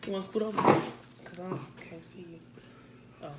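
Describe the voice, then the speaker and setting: A woman's voice: on the low side, steady tone, moderate pace, very noisy. Chatty woman vlogging a food review. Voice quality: chatty, addresses viewers as y'all. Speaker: family vlogger. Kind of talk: casual mukbang chat.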